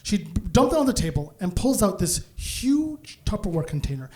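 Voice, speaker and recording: High-voiced man doing stand-up. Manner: animated, fast storytelling with asides. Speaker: stand-up comedian. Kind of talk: live stand-up storytelling. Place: comedy venue stage.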